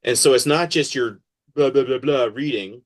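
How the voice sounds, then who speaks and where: A man talking as a podcast guest in a casual interview, animated and acting out quoted voices as he explains. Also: medium pitch, normal speed.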